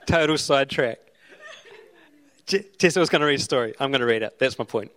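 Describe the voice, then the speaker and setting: A man's voice: medium pitch, fairly quick, fairly bright tone. A man in his thirties giving a conversational sermon as pastor, chatty and digressive with storytelling asides.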